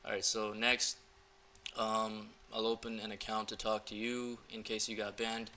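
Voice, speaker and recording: A casual screen-recording walkthrough has a young American man coaching viewers on dating messages in a loose, filler-laden way. His voice is fairly low and monotone, pushed and bright, delivered at an unhurried pace with a little background noise.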